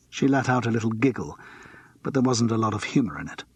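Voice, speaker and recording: A man narrating an audiobook in a measured, even manner. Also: medium pitch, slightly rough, no room sound. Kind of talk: scripted narration.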